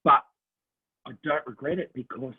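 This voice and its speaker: A man's voice: medium pitch, moderate pace, slightly rough. A middle-aged man with an Australian accent, co-hosting a casual chat and telling stories with lots of laughs and little voices. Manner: animated storyteller, laughs often, slips into voices. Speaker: podcast co-host. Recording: tinny phone-line sound.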